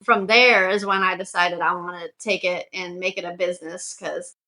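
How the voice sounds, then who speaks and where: In a low-quality recording, a young woman from Syracuse, New York, talks casually as a guest about the shoe business she runs. Her pitch is fairly low, her intonation fairly even, and her pace moderate with a sharp tone. She's chatty, storytelling and full of "like" fillers.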